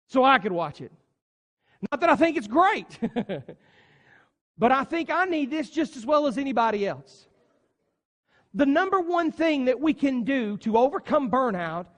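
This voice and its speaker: Male preacher, high and animated voice, earnest and chatty, church hall reverb. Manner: earnest, conversational, emphatic. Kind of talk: sermon. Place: church sanctuary.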